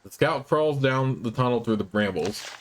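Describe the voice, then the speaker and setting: A man narrates a fantasy game, reading its text aloud in a measured, even voice. His pitch sits in the ordinary middle range. Faint ambient noise sits underneath. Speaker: let's play host.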